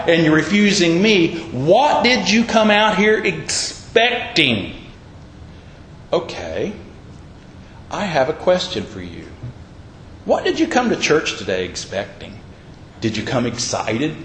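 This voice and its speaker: A man's voice: a little high, echoey room, slight background noise, poor audio. A man pastor preaching a sermon, putting rhetorical questions to his congregation in a church.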